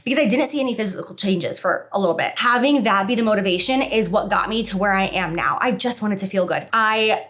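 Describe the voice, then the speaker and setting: Emotional, expressive woman vlogger. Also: a little fast. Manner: emotional and expressive, with big pitch jumps. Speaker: beauty vlogger. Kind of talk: casual confessional vlog talk.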